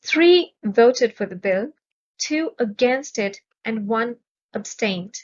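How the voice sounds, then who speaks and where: Woman, vocabulary teacher, unhurried, crisp enunciation, muffled audio. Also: on the high side, animated. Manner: measured, clearly enunciated, stresses syllables. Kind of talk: slow, careful vocabulary lesson.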